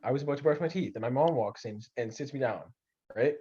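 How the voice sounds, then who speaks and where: A young man with a husky mid-range voice talks fast through animated podcast stories, slipping into the voices of people he quotes during the casual chat. Slightly dull lo-fi audio.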